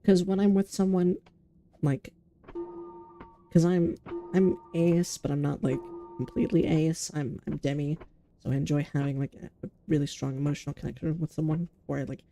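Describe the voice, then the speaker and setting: A woman streamer chatting casually and rambling on, blunt and quick to swear. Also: low voice, fairly even intonation, dark tone, a little hiss or hum. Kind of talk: casual livestream chat.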